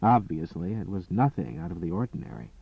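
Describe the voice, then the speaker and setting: A man reading a novel aloud, his voice rising and falling with lively drama. The audio is narrow and phone-like, completely dry and close, with no room sound. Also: low voice, brisk, vocal fry, husky, no echo. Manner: dramatic, expressive storytelling. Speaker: audiobook narrator. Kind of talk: scripted narration.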